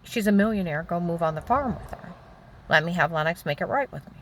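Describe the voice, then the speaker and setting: A woman's voice: lowish voice, animated, a bit bright, a little hiss or hum. Older woman, rambling emotional testimony. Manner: rambling, emotional, halting storytelling. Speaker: storyteller recounting her own life. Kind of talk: personal testimony monologue.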